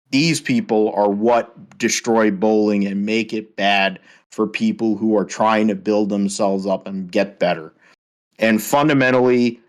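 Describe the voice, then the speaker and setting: A man hosting a podcast, ranting heatedly with a lot of swearing in casual chat. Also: fairly low pitch. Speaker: podcast host.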